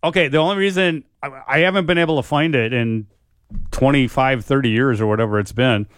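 A man's voice: mid-range voice, brisk, fairly bright tone, dry recording, clean studio sound. A man co-hosting a sports radio show, a joking storyteller who laughs through his own tales. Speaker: radio sports show co-host, former color analyst. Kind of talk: casual sports radio banter. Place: radio studio.

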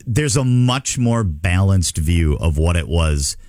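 A man's voice: low voice, lively intonation, takes it slowly, darkish tone, no echo, studio quality. A man hosting a radio show, telling stories in an earnest, rambling way during casual on-air banter. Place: radio studio.

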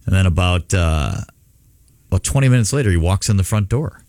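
A man's voice: sits low, expressive, fairly quick, a little mellow, dry recording. A man co-hosting a radio show, telling a story in earnest, self-reproaching casual chat. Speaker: radio co-host.

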